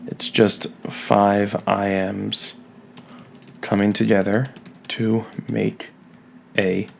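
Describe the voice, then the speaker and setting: A man's voice: fairly low pitch, creaky, slight background noise. A man teaching a recorded online lesson, talking students through a poem with wry, self-mocking asides.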